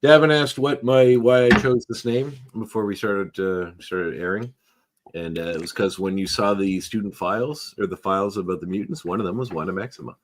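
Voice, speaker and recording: A man's voice: on the low side, brisk, slight background noise. A man co-hosting a podcast, chatting casually and rambling through stories with frequent fillers. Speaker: podcast co-host. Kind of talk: casual chat.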